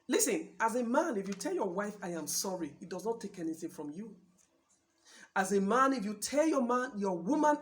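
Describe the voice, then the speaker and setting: Nigerian woman host, mid pitch, emphatic preachy marriage-advice talk, hammers each point home. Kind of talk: talk show address.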